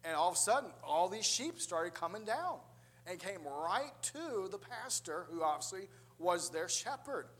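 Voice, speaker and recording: Male preacher, slightly high voice, storytelling sermon with acted-out quotes. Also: sing-song, moderate pace, a bit bright.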